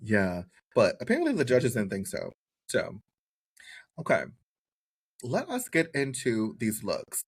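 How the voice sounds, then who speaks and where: Animated husky man podcast co-host. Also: lowish voice, measured pace, long pauses. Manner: animated, jokey, does exaggerated voices for quoted people. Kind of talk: casual chat reviewing a TV show.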